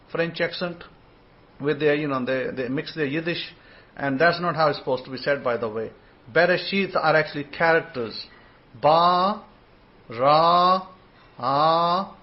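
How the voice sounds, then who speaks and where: A man leads an informal online scripture lesson, drifting between thoughts and repeating himself as he goes. He sometimes slows down to sound out single syllables one by one. His voice sits a little high and comes through a dull, lo-fi connection. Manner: rambling, repeats words, sounds out syllables slowly. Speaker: host and religious teacher.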